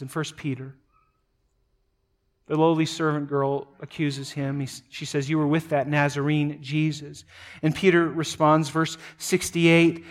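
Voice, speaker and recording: Retelling a scripture story with drama, this pastor moves from loud, forceful stretches to hushed, low asides. Words get repeated often as his sermon goes on.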